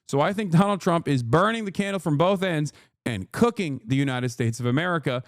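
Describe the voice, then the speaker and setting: Political streamer, male, exasperated and sweary, high-pitched, dry and close-miked. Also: expressive, a little fast, no room sound. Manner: profane, exasperated, mocking mimicry. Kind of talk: heated commentary reacting to news clips.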